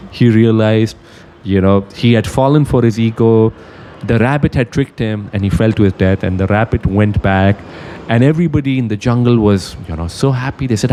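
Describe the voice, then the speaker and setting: A man's voice: lowish voice, warm tone. A man giving a motivational talk, telling a fable earnestly and emphatically and breaking off to draw its lessons. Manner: earnest, emphatic storytelling with asides. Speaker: motivational speaker. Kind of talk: motivational storytelling.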